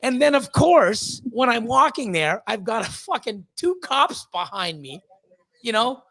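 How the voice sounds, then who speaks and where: A man in his fifties tells a long, rambling story full of swearing. His voice sits high and has a gravelly edge, and he gets animated when he quotes other people. The sound is dry and close. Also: a little slow, no room sound. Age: 50s. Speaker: guest. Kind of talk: casual storytelling on a live stream.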